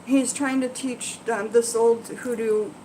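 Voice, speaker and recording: A woman's voice: on the high side, steady tone, slow, dark tone, slight background noise, poor audio. A woman hosting a casual live Q&A, reading passages aloud and explaining them in a chatty, rambling way with asides to viewers. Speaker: herbalism channel host.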